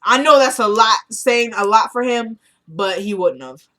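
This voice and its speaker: A woman's voice: a little high, lively intonation, measured pace, bright, forceful tone. A woman casually recapping a TV drama episode, animatedly acting out the characters' lines as she tells it. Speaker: TV episode reviewer.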